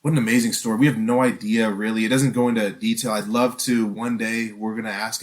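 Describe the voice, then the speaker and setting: A man's voice: mid-range voice, quick pace, few pauses. A man preaching a sermon in an earnest, conversational way, asking the listeners questions and often restarting his sentences. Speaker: pastor.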